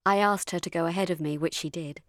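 A woman narrating a story in the first person, measured and dryly witty. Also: fairly low pitch, steady tone, no echo, clean studio sound.

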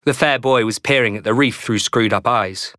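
In clean studio sound without any room noise, a medium-pitched male audiobook narrator reads a novel aloud. The scripted narration is measured and expressive, in a storytelling style.

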